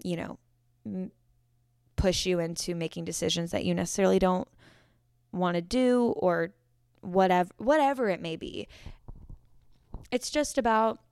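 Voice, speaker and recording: A woman's voice: on the low side, a little slow, gravelly, pauses often, a little mellow, clean tone, no room sound. A young woman in her twenties hosting a solo podcast, chatty and rambling, often correcting herself mid-sentence. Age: 20s. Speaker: podcast host. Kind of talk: casual solo podcast talk.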